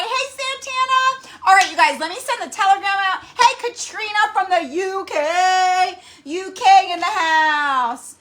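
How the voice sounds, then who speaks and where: A middle-aged woman hosting a casual craft livestream, bubbly and excitable, greeting viewers by name with frequent squeals and laughs. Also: very high voice. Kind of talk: casual live-stream chat greeting viewers.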